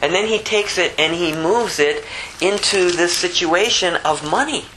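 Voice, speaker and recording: A man giving an informal sermon, talking conversationally and acting out the people in his stories, climbing high when he stresses a point. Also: sharp tone, a little hiss or hum, poor audio. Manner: conversational, plays out the story characters in quick voices. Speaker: preacher.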